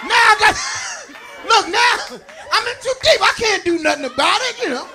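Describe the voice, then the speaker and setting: A man doing a stand-up comedy set for a live audience, shouting his punchlines, laughing at his own jokes and calling out to the crowd. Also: extremely high pitch, animated, moderate pace, noisy background. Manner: talks straight to the crowd, calls out to them.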